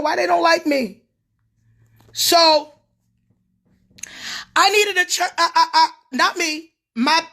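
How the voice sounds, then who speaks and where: A middle-aged prophetess ranting on a livestream, confrontational and profane, with a preacher's cadence. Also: female voice, sits high, fairly bright tone. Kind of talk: livestream rant.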